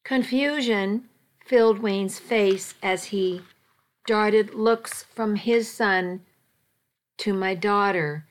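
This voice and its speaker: A woman narrating a first-person story as an amateur audiobook, stopping now and then to restart a line. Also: mid-range voice. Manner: slow, with restarts and slips.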